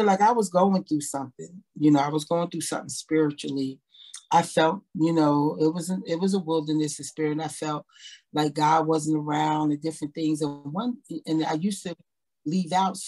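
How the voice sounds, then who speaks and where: Husky woman telling an emotional testimony. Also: low-pitched, a little mellow. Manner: emotional storytelling, rising intensity. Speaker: guest sharing testimony. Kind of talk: personal testimony in casual talk.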